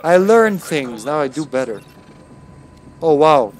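A man's voice: fairly high pitch, big pitch swings, takes it slowly. Joking man with a Russian accent. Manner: joking, playful banter. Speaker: streamer. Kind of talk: casual co-op gaming chat.

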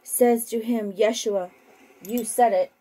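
A woman slowly reading scripture aloud as host of a home broadcast, then chatting on the phone. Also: on the high side, steady tone, warm tone, rough recording. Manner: slow, deliberate reading; chatty and laughing on the phone.

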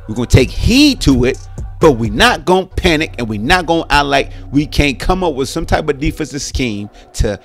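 A man hosting a sports podcast, ranting in an animated, slangy way and speaking straight to his listeners. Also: medium pitch. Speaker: podcast host. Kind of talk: casual sports podcast rant.

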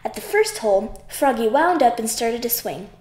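A woman reading a children's picture book aloud, expressive and sing-song. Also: fairly high pitch, moderate pace, echoey room. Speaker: audiobook reader. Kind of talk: children's story read aloud.

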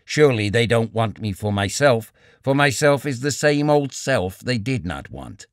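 A man voicing a bitter young male writer who argues in a cool, measured way, read in an audiobook. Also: medium pitch, lively intonation, no room sound, studio quality, close to an everyday voice. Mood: reasoning. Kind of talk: audiobook character reading.

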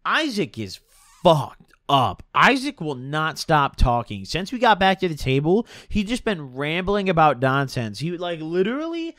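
A young man spins a rambling, slangy story, his pitch bouncing up and down as he goes. His voice sits a touch high for a man. The sound is dry and close, with no room echo. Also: sing-song, measured pace, fairly bright tone. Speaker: streamer. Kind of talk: casual storytime.

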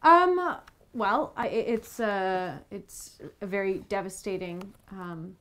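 A woman playing a weary young doctor in a comedy sketch, halting and hesitant in her answers. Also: mid-range voice, fairly bright tone. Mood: awkward. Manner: hesitant, halting, then stern. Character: weary, stern female doctor, young adult.

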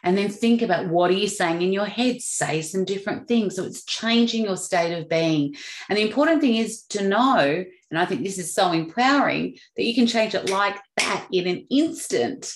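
A woman's voice: mid-range voice, a little slow. A woman hosting a motivational talk, upbeat and acting out everyday examples. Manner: upbeat, acts out examples with animated shifts. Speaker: podcast host. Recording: echoey room.

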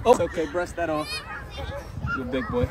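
A man's voice: a little high, steady tone, brisk, over a noisy crowd. A father on a casual family outing, playfully coaxing his children and counting them down the slide. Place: outdoors at a farm playground. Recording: loud outdoor background noise.

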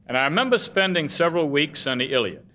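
A man delivering a formal state budget address in an auditorium, measured and oratorical, with a light humorous touch. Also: a little high, expressive, sharp tone. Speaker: governor. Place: museum auditorium.

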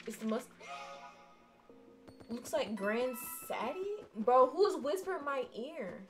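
A young woman giving casual let's-play commentary as she plays, animated and full of exclamations, sometimes reading game dialogue aloud. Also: sits high, takes it slowly, soft background music. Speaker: gaming streamer.

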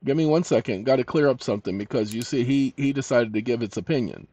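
Combative man dictating with shouted commands. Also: mid-range voice, fast. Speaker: channel host. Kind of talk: ranting commentary, dictating to a chatbot.

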